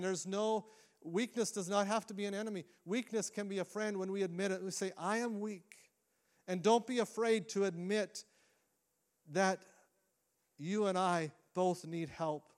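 A middle-aged man, a lead pastor, preaching a sermon in a church with earnest delivery, restarting phrases and shifting between quick and slow phrasing. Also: sits high, steady tone. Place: church sanctuary.

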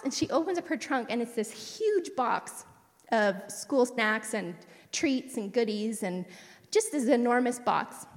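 A woman shares a personal testimony in a sermon setting, talking in a chatty, rambling way with frequent asides. Her voice sits fairly high, and the recording carries the long, lingering reverb of a large hall. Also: lively intonation, a little slow. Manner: chatty, digressive, warm storytelling with asides. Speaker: church speaker sharing a testimony.

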